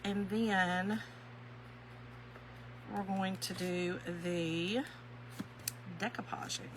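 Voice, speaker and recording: A woman's voice: medium pitch, fairly even intonation, drawn-out words, noisy background. A woman with a Kentucky accent, hosting a chatty craft live stream, greeting viewers by name and laughing easily. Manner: folksy, warm-hearted chatter, often says y'all, laughs easily. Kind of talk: chatty craft tutorial, reading viewer comments.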